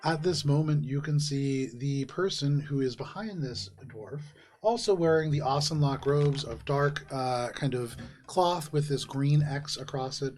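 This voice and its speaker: A man narrating a fantasy tabletop game as game master, relaxed and chuckling between descriptions. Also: medium pitch, unhurried. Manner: relaxed, with frequent ums and laughs.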